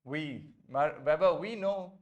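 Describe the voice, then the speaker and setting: The sound is lo-fi as a man with an Indian English accent and a somewhat high voice teaches French to beginners over a video call. He is patient with the online class, repeating and drilling phrases slowly and going back and forth between French and English.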